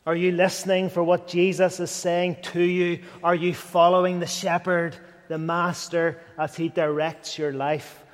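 A man's voice: high-pitched, flat delivery, unhurried, few pauses. A man preaching an earnest sermon, rising to fervent and dropping to near whispers. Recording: long hall reverb.

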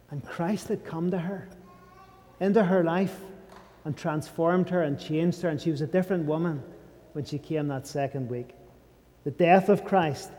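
Preacher in an echoing hall. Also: male voice. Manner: emphatic, drops to a hushed low voice on key phrases. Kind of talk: sermon. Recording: long reverb of a large hall.

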